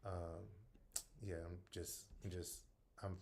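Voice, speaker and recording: A man's voice: medium pitch, brisk. Upbeat man greeting his stream. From North Charleston, South Carolina. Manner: upbeat, shouting out viewers by name; soft and earnest when speaking from the heart. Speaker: livestream host. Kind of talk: casual livestream greeting viewers.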